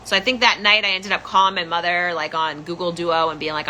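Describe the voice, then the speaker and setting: A woman's voice: fairly low pitch, fast, few pauses, sharp tone, a little hiss or hum, low-quality recording. A young adult woman hosting a podcast, telling a personal story in an emotional, candid way and repeating phrases for emphasis. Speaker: podcast host.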